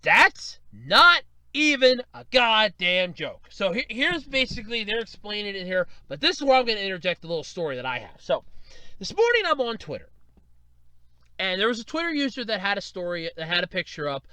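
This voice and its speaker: A man's voice: sits high, fast, clean tone, dry recording. A man hosting a solo podcast, ranting sarcastically, swearing freely and acting out quoted voices. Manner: animated, sarcastic, cursing, acts out quoted voices. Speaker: podcast host.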